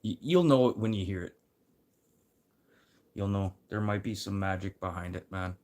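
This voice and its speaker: Speaking at a normal speed, a man rambles casually to his livestream viewers, swearing freely. He swings between low mutters and loud encouragement.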